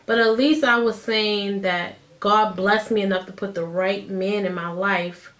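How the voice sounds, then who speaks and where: A woman in her thirties, telling a personal story to the camera in a chatty, animated way and acting out what others said. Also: medium pitch, a little slow. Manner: animated, chatty, acts out quotes. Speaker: vlogger. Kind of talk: casual storytime.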